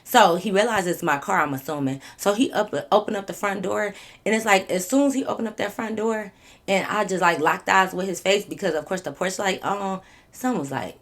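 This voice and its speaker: A young woman tells a story to her channel in a casual, animated way. Her voice sits a little low for a woman, and she curses freely as she talks. She keeps it conversational and direct with the viewers. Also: normal speed. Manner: animated, swings into loud acted-out quotes, swears freely. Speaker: storytime vlogger.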